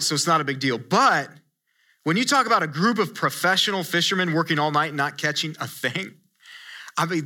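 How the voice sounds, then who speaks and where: A male pastor giving a conversational sermon, telling a story with animated asides and frequent restarts. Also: high voice.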